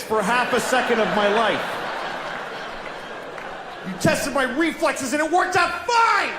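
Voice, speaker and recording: A male stand-up comedian rants in an exasperated, self-mocking way, now and then bursting into a yell. His voice sits high and leaps all over the place. The sound bounces around an echoey room with heavy ambient noise underneath. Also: very animated, unhurried, long pauses. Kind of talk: stand-up routine.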